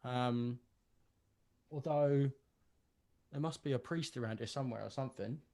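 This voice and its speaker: A man's voice: mid-range voice, moderate pace, a little mellow. A man talking as a player in a tabletop game, hesitant and musing.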